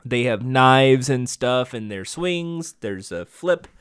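A man's voice: medium pitch, expressive, slow pace, fairly bright tone, clean tone, no echo, clean studio sound. A man giving a casual, profane, sarcastic recap of a TV episode, rambling as he goes. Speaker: show recapper.

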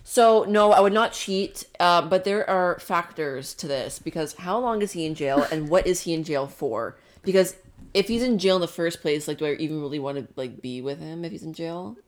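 A woman's voice: lowish voice, normal speed. A young woman co-hosting a podcast, talking frankly and casually with plenty of "like" and some swearing. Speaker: podcast co-host. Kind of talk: casual chat.

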